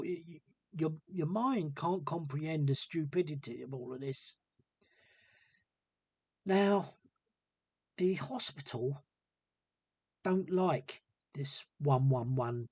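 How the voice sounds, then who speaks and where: A man tells a personal story in a loose, rambling monologue, circling back and repeating himself with earnest feeling. His voice is husky and slightly breathy, recorded close and dry with no room sound. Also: on the high side, slow, pauses often, a little mellow, no echo. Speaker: vlogger telling a personal story.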